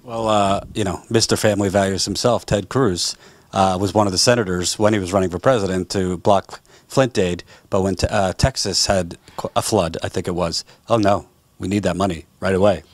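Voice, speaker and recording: A man's voice: low voice, steady tone, normal speed, no echo. A man interviewing as a political reporter, blunt and conversational. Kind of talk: interview questions.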